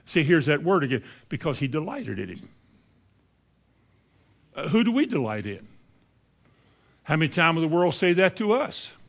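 A preacher in his seventies delivers a plain-spoken sermon in a somewhat high voice. He talks to the congregation conversationally, throwing out rhetorical questions. His delivery swings between quiet low stretches and sudden high bursts. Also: big pitch swings, moderate pace, vocal fry, pauses often. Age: 70s.

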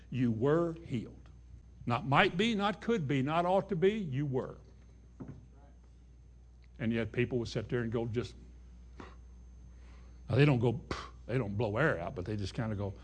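A man preaching a sermon in a folksy way, dropping to a hush and then rising to emphatic declarations. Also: medium pitch, animated, unhurried, long pauses, slight background noise. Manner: folksy, swings between hushed and emphatic. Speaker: pastor.

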